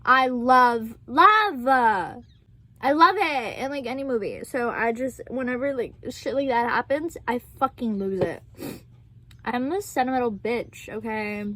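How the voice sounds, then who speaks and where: A woman's voice: a little high, lively intonation, normal speed, a bit bright. A woman in her twenties chatting casually as a vlogger, gushing and swearing freely, laughing often. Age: 20s. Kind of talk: casual chat.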